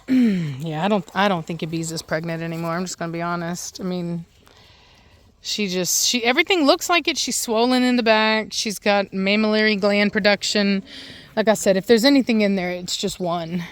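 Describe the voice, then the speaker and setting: A woman's voice: medium pitch, moderate pace. A woman dog breeder chatting casually outdoors in her yard, rambling and admiring as she films her dogs. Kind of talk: casual vlog commentary.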